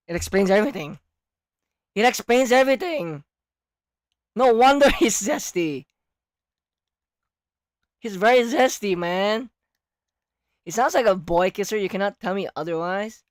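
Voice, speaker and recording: Animated woman streamer losing her voice. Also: medium pitch, measured pace, long pauses, no echo, clean studio sound. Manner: animated, jokey, loud then hushed. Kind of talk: casual game reaction stream.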